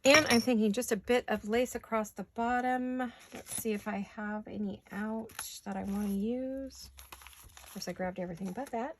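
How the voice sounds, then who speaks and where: A woman vlogger, raspy from allergies, chatting casually and talking to herself as she makes paper crafts in her home studio. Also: fairly high pitch, steady tone, normal speed, slight background noise. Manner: chatty, talks to herself while working.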